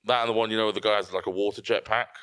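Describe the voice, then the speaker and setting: A man's voice: lowish voice, racing, clear, resonant tone, no room sound, clean studio sound. A man co-hosting a podcast, chatting casually and acting out quotes with big laughs. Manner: animated storyteller, acts out quotes and laughs a lot. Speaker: podcast co-host. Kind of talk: casual banter.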